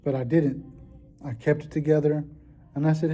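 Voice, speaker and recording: A man's voice: fairly high pitch, flat delivery, normal speed, long pauses, dark tone. A man talking casually in a vlog, rambling and heartfelt, with lots of fillers. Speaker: vlogger. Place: at work.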